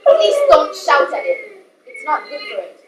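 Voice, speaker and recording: A woman's voice: high voice, very animated, measured pace, heavy background noise. A woman playing a frazzled, helpless young mother on stage, anxious and pleading. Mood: fretful. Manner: anxious and pleading, prone to panic. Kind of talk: live stage comedy acting. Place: community hall stage. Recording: echoey hall, far from the mic.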